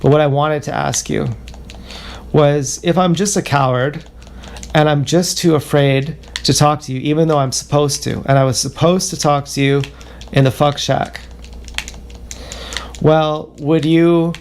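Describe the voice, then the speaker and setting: A man talks through a halting, self-questioning confessional ramble, circling back over the same words again and again. His voice sits a touch high for a man and has a gravelly, fry-laden edge. Faint background noise and keyboard clicks sit under it. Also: steady tone, darkish tone. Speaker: livestreamer.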